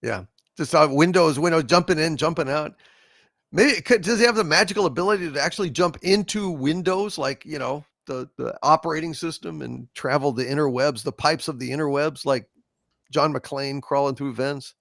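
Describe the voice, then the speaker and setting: A man's voice: a little high, animated, a little fast, gravelly, a bit bright, no room sound, clean studio sound. A man hosting a casual livestream, reading out viewer super chats and reacting in a blunt, profane, joking way. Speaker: host.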